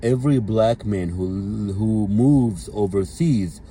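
Blunt, mellow-voiced man ranting. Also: lowish voice, slow, hardly any pauses, slight background noise. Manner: blunt, profane, repeats fillers like "okay" and "at the end of the day". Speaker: commentary vlogger. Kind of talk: ranting commentary monologue.

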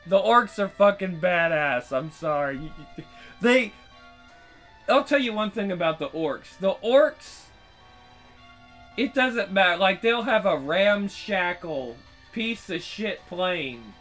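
A man's voice: high-pitched, lively intonation, a little slow, fairly bright tone, faint music behind, rough recording. A man hosting his channel in casual, profane commentary, rambling with frequent restarts. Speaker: channel host.

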